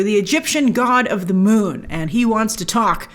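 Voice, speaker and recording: A woman's voice: fairly high pitch, big pitch swings, normal speed, hardly any pauses, fairly bright tone. A woman hosting a trailer breakdown, chatting enthusiastically with lots of restarts. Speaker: host.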